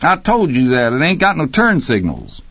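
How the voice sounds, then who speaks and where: A man voicing a crude, rowdy, cackling middle-aged man with a high, yelping voice and backwoods slang. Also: wildly swooping pitch, moderate pace, fairly bright tone, husky, no room sound, full character voice. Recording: dry, slightly muffled recording.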